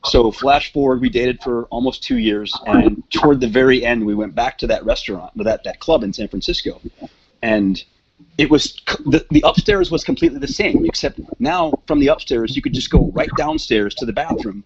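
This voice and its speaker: A man with a gravelly, husky voice spins a raunchy anecdote, his pitch leaping around as he acts out everyone involved. The sound is dull and lo-fi, like a basic podcast recording. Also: normal speed. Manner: profane, animated, acts out quoted voices. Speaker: podcast guest. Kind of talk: casual storytelling.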